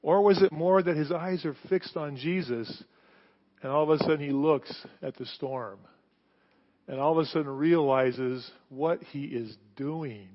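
A middle-aged man preaching a sermon, telling the story with animated delivery and rhetorical questions. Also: on the high side, a little slow. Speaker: pastor. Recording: muffled sound, long hall reverb.

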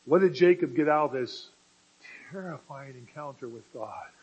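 A man preaching a sermon, moving from quiet explanation to loud, emphatic passages. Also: fairly high pitch, moderate pace, slightly rough, muffled recording.

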